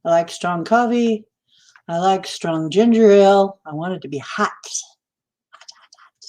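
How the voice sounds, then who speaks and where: She speaks in a warm, medium-pitched voice at normal speed while chatting with her live audience. As the stream's host, she laughs frequently and welcomes viewers by name.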